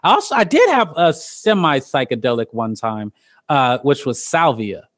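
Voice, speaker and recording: A woman in her thirties, a podcast guest telling stories in casual chat, animated and profane, laughing often. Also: extremely low pitch, normal speed. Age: 30s.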